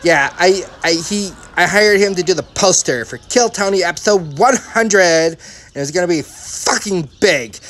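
A man voicing a high-strung, washed-up comedian in a cartoon parody who rants defensively and swears constantly. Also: moderate pace, a bit bright. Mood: ranting. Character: high-strung, foul-mouthed washed-up male comic.

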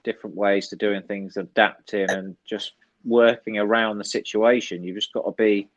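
A man's voice: lowish voice, steady tone, moderate pace, highs cut off. Easygoing male guest. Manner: easygoing, agreeable, teasing. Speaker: radio show guest. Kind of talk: casual radio banter.

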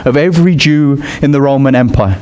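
A man preaching a sermon in an expressive way. He climbs high in pitch on his emphatic points. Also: a little fast.

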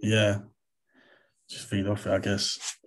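Chill guy in his 20s, lowish voice, easygoing chat as a guest. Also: slow pace. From England. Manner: relaxed and chatty, says "mate" and "to be honest". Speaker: interview guest, comedy content creator. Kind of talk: casual interview chat.

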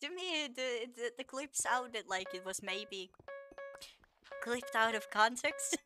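A woman's voice: on the high side, slow, over music. A woman streamer chatting casually with her viewers, laughing constantly, stammering and repeating words in playful mock outrage.

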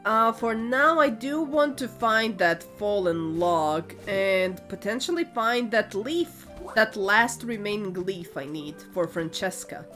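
A woman's voice: mid-range voice, slow pace, few pauses, fairly bright tone, soft background music. A woman commenting as she plays a video game, hesitant and thinking aloud, often correcting herself. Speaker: gaming video creator. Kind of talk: let's play commentary.

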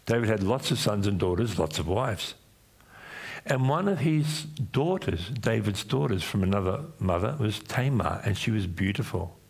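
A man's voice: animated, moderate pace, gravelly, darkish tone, husky. A man with an Australian accent, preaching a sermon as pastor in a church, acting out voices when he retells stories. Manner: acts out voices in his retellings, pitch swinging up and down.

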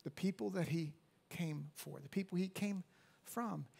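A man in his fifties, a pastor preaching a sermon in a church, swinging from hushed to loud emphatic peaks and repeating words as he restarts. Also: sits high, measured pace, gravelly, breathy edge. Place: church sanctuary at a live service.

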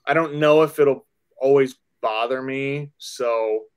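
A man's voice: medium pitch, fairly even intonation, slow, smooth. A man in a casual chat, talking in a hesitant way, full of fillers.

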